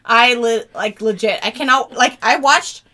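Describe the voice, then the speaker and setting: A young woman co-hosting a casual podcast, telling stories in an animated way and swearing a lot. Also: on the high side, a little slow. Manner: animated storytelling, heavy swearing. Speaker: podcast co-host. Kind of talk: casual chat.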